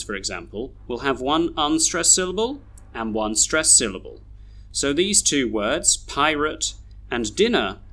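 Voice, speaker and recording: A man narrating a pronunciation lesson as teacher, speaking deliberately and repeating example sentences. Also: medium pitch, fairly bright tone. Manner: slow, deliberate, reads example sentences twice.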